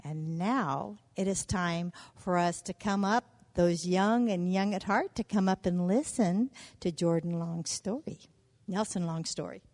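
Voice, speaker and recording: A woman leading a church service speaks gently and in a measured way as she calls the children forward. Her voice sits on the lower side. A long reverb from the church sanctuary trails behind her words. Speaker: worship leader.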